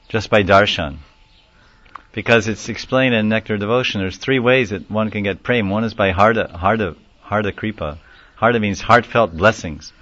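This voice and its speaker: A man with a fairly low voice gives a devotional class lecture. He tells stories animatedly and chuckles as he acts out little quotes. The recording is dull and dry. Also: a bit bright, no room sound. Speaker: spiritual lecturer.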